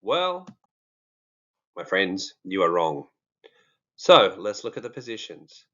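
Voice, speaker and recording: A man's voice: deep voice, big pitch swings, slow pace, pushed and bright, dull audio. A man with an Australian accent, talking casually and jokingly to his viewers, with many fillers. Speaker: true crime vlogger. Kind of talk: casual monologue to camera.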